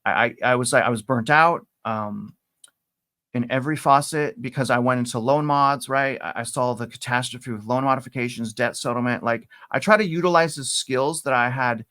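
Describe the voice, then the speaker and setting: A middle-aged man telling his story as a podcast guest, animated and repeating himself, jumping up in pitch when he acts out quotes. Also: normal speed, no room sound, studio quality. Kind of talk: casual interview storytelling.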